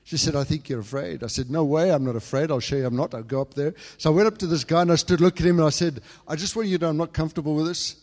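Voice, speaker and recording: A man from England preaching a sermon, telling a personal story and swinging between hushed, quiet passages and loud, fervent outbursts. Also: fairly high pitch, rapid-fire, hardly any pauses, in a large hall.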